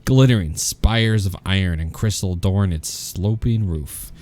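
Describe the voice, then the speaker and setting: A man narrating as game master of a tabletop game, with descriptive, unhurried narration. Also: deep voice, darkish tone.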